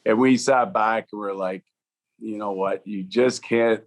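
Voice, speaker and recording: A man in his fifties, a former hockey player and coach, telling stories in an interview with a relaxed, rambling delivery and many fillers. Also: lowish voice, a little slow. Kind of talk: storytelling in a podcast interview.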